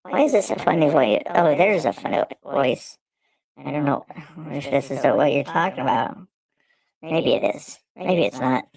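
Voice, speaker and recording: A streamer doing a put-on voice of a deadpan man who insists his odd voice is normal. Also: mid-range voice, moderate pace, creaky, a crowd in the background, voice pushed up, low-quality recording. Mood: insistent deadpan.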